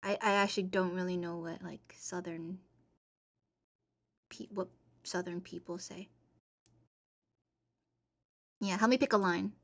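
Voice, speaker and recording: A woman's voice: lowish voice, fairly even intonation, normal speed. A woman streamer talks casually with her chat, rambling and playful. She giggles often and moves loosely from one thought to the next.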